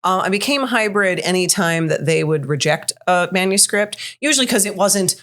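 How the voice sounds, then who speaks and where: A woman's voice: lowish voice, lively intonation, moderate pace, a bit bright. A woman author as a podcast guest, talking candidly in a casual chat and laughing easily.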